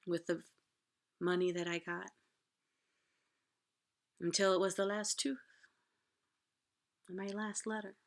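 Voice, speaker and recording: A woman telling a personal story from her own life, moving between hushed whispers and loud, pleading outbursts. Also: medium pitch, fairly even intonation, takes it slowly, long pauses.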